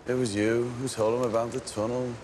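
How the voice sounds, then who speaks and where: An actor playing a controlled 1920s Birmingham gang boss with a Birmingham accent, clipped and cold, at times erupting into shouts. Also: male voice, medium pitch, level tone, brisk, a little hiss or hum, natural voice. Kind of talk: television crime drama.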